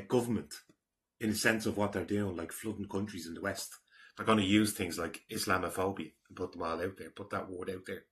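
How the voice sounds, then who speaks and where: Bright-voiced, rambling Irish man. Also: on the low side. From Ireland. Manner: rambling, combative, mocking. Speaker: online commentator. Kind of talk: casual vlog reading out comments.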